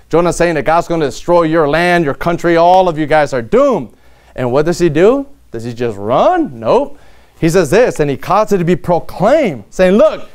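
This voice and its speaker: A man's voice: high voice, darkish tone, smooth. A man preaching a sermon in a church, earnest, reading scripture aloud with rising emphasis.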